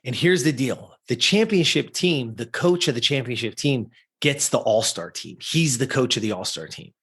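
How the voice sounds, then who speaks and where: Man, mid-pitched, husky voice, animated podcast guest telling a personal story. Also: moderate pace. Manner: animated, addresses listeners directly.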